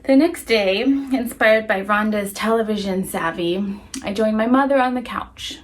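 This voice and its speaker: A woman actor giving a dramatic storytelling performance, reading in a measured, expressive way that moves between soft, hushed passages and a full voice. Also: medium pitch, a little hiss or hum.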